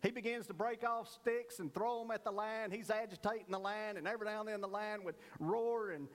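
A man's voice: high-pitched, fairly even intonation, brisk, big-room sound. A man preaching a sermon, telling a folksy joke story and then teaching earnestly about prayer. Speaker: pastor.

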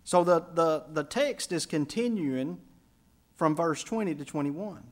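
A man, a pastor preaching a sermon, telling a story and building to emphatic peaks before dropping soft. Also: a little high, lively intonation, measured pace.

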